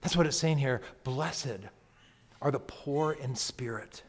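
Slow-preaching man in a reverberant church. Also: mid-range voice, a little hiss or hum. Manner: slow, emphatic preaching, dropping to near-whispers and rising to loud calls. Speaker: pastor. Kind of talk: sermon. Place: church sanctuary. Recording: long hall reverb.

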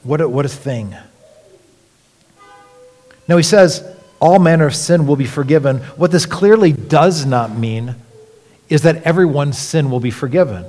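A man's voice: a little high, measured pace, long pauses. Earnest male preacher in a reverberant hall. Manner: earnest preaching, swinging from soft hushed lines to emphatic rises. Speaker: pastor. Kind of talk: sermon.

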